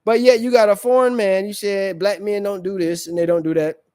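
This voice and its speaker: A high-voiced man rants in blunt slang on his live reaction stream, throwing questions at his viewers. The sound is dry and close, with no room around it. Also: steady tone, a little fast, darkish tone, no echo. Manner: blunt, slangy, preachy, asks the audience questions. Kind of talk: ranting commentary on a played clip.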